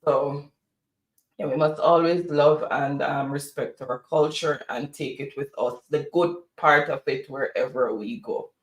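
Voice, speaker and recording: A man's voice: on the high side, unhurried. Jamaican man chatting in a roomy space. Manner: chatty storyteller, mimics others. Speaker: co-host. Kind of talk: casual chat. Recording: roomy, distant from mic.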